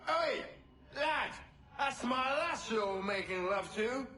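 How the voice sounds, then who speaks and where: A shrill, jealous sailor. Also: male voice, expressive, slow, echoey room, distant mic, slight background noise, heavily acted. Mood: angry. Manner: shouted threats. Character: jealous, belligerent sailor man.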